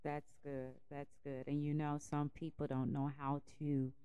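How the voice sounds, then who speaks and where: Host: woman, very low warm voice, encouraging, dry sound. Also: level tone, a little slow, clear, resonant tone, no room sound, lo-fi sound. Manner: encouraging, affirming. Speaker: interview host. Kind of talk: interview host questions.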